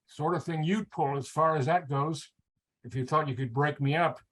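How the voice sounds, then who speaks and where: A man's voice: on the high side, expressive, measured pace, fairly bright tone. A man reading the lines of a wry, skeptical actor in a novel excerpt. He sounds dry and grumbling. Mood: amused. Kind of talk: read-aloud novel excerpt.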